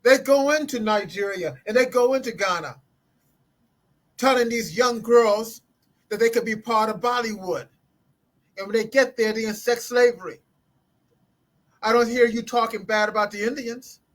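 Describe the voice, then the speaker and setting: A man's voice: very high voice, moderate pace, pauses often. An older man speaking as a podcast guest in impassioned commentary, emphatic and preachy, often repeating words.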